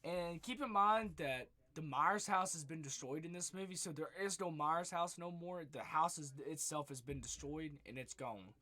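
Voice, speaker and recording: Rambling, bright-voiced young man recapping. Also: on the high side, normal speed, few pauses. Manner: rambling, swears freely, leans on "just" and "like". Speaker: movie reviewer. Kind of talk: casual spoiler recap.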